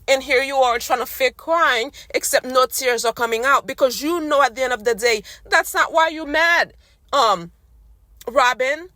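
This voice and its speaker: Exasperated woman ranting, voice going hoarse. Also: high voice, expressive, normal speed, bright, forceful tone, no echo. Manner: exasperated, blunt, slangy. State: losing her voice. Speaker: recap vlogger. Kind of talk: casual rant to camera.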